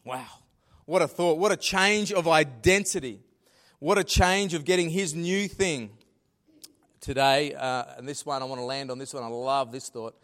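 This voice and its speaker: Animated pastor, fairly high voice. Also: male voice, normal speed. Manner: animated, swings from loud emphasis to hushed asides. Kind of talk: sermon.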